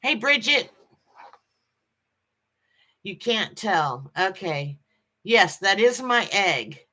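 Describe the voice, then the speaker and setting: A woman hosting a casual livestream, greeting viewers by name and chatting in a halting way with lots of ums and restarts. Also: medium pitch, sing-song, bright, forceful tone. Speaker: livestream host.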